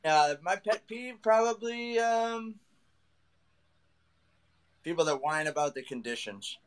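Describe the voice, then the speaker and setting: A man's voice: high-pitched, animated, takes it slowly, a crowd in the background. A man, a guest angler, telling casual stories in a laid-back, trash-talking way. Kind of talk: casual podcast chat.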